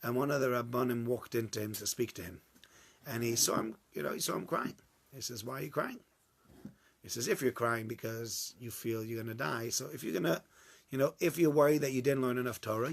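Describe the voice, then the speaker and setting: A man giving an informal Torah class to a small group, acting out the dialogue and swinging from loud bursts to hushed asides. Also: mid-range voice, very animated, brisk, gravelly, slightly rough. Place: small warm room with a few listeners.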